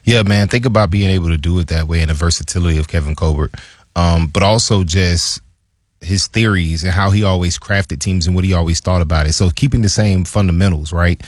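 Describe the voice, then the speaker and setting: A man, a former football player, chatting casually about his career as a podcast co-host, acting out quotes in a higher voice. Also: a little fast, no room sound, clean studio sound. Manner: animated storyteller, acts out quotes in a higher voice. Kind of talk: casual sports chat.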